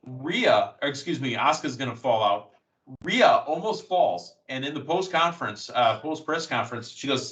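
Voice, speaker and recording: A man hosting a casual wrestling podcast, recapping matches in an excited, storytelling play-by-play manner. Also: mid-range voice, normal speed, distant mic, dull audio. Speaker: podcast host.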